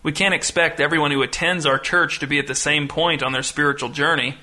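A man doing a calm, patient pastor. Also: a little high, a little fast. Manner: calm, reasonable. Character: mild, patient male church pastor.

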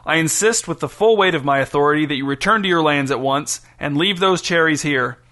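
A man's voice: on the high side, fairly quick, pushed and bright. A man voicing a proud, touchy king who grows indignant and commanding in a storybook reading. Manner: pompous, raises his voice in anger.

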